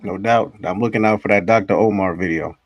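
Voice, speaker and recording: A man co-hosting a casual podcast chat, relaxed and teasing, adding dry interjections. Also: fairly low pitch, brisk, dry recording. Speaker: podcast co-host.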